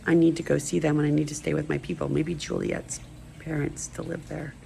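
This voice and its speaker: A woman's voice: sits low, level tone, brisk, creaky, warm tone, a little hiss or hum, rough recording. A middle-aged woman rambling emotionally in a personal video monologue. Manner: rambling, emotional, stream-of-consciousness. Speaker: vlogger.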